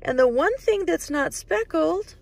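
A woman reading a picture book aloud to young children, speaking slowly in a sing-song way and asking the listener many questions. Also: extremely high pitch, lively intonation, vocal fry, darkish tone. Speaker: children's storytime host.

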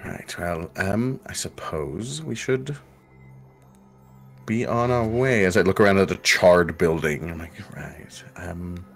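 A man's voice: low-pitched, slow pace, gravelly, soft background music. A man playing a tabletop game, bantering hesitantly in character. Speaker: player.

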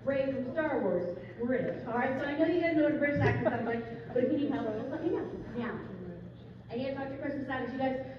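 A woman teacher leading a class activity in an animated, theatrical way, calling out to her students. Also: sits high, fast talker. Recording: echoey large room, distant mic, dull sound, children's crowd noise.

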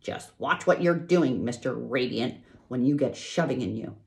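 A woman's voice: rumbling low, creaky. Templeton, a woman voicing a fussy grumbling rat. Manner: fussy, drawn-out complaining. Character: rat hiding in straw, fussy, grumbling male. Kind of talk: read-aloud storybook voice.

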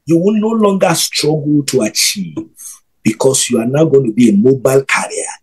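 A husky-voiced man preaches prophetic declarations over a video call. He speaks emphatically and repeats each pronouncement several times. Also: medium pitch, expressive, moderate pace. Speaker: guest minister.

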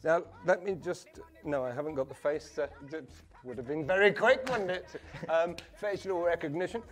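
A man's voice: on the high side, moderate pace. A man, a mentalist guest on a talk show, talking with stage-performer patter and addressing the audience. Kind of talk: casual chat with showman patter.

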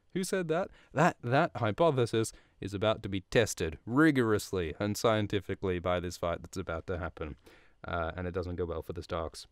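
A man with a lowish, smooth and resonant voice recaps a book in a loose, rambling way. He swears freely and drops chuckling asides. The sound is dry and close to the mic. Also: dry recording. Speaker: podcast host.

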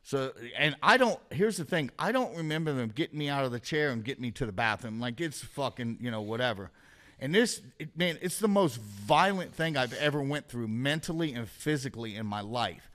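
A man's voice: medium pitch, expressive, a little fast, a bit bright. A man, a podcast guest, telling a story in a casual, rambling way with constant swearing and a vivid play-by-play.

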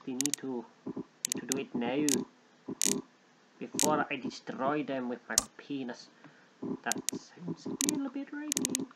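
A man's voice: mid-range voice, lo-fi sound, noisy background. A young man hosting a let's play, joking and rambling as he reads game text aloud. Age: young adult. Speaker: gaming channel host.

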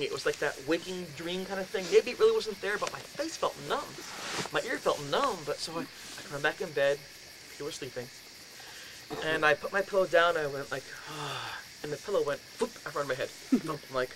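A man in his fifties telling a ghost story to an audience, acting out his own voice with shouts and laughs. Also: sits high, expressive, brisk. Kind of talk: animated storytelling lecture. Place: lecture in a house. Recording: noisy room recording.

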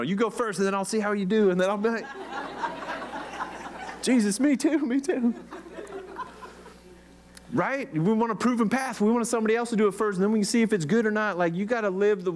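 A man preaching a casual sermon, chatty and joking, with rhetorical questions and many "like"s. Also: a little high. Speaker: pastor.

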